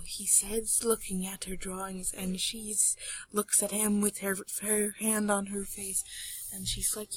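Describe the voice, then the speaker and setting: A young woman sarcastically narrating her old home-made animation, playful, often dropping to quiet mumbles and whispers. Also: medium pitch, steady tone, unhurried, husky, dry recording, rough recording.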